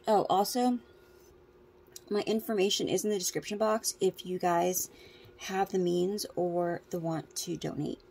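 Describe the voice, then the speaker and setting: A woman's voice: on the low side, steady tone, a little slow, vocal fry, a little mellow, slight background noise. A woman tarot reader, out of breath, chatting casually and rambling to her viewers. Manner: rambling, restarts often.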